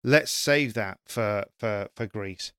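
A man's voice: fairly low pitch, slow, clean tone, no room sound, clean studio sound. A man chatting as a rally journalist, telling stories with energy and arguing back firmly. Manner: animated storyteller, argues back firmly. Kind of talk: casual chat.

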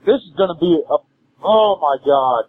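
A man's voice: fairly high pitch, animated, moderate pace, slightly rough. A man leaving an angry, expletive-filled voicemail as a fan caller, ranting and sounding drunk. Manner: ranting, swearing nonstop, enraged. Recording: tinny voicemail phone line.

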